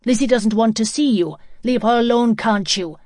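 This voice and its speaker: A woman's voice: a little high, normal speed, a little mellow, dry recording, studio quality, pitched above the performer's own voice, lightly acted. Brief: sly cornered young man, panicky and pleading, voiced by a woman reader.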